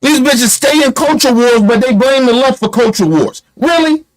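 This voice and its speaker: A man with a strikingly high-pitched voice delivers a heated commentary rant. He talks bluntly and profanely, hammering his points with rhetorical questions. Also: moderate pace, rough recording. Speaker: online commentator.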